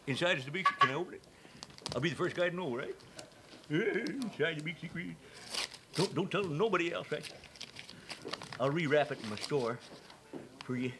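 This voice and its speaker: An actor playing a folksy small-town storekeeper who coaxes and wheedles, on a noisy old TV broadcast. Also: male voice, fairly high pitch, lively intonation, moderate pace, pauses often, natural voice. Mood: coaxing. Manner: wheedling, coaxing, folksy exclamations. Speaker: children's TV character. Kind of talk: 1950s children's TV acting.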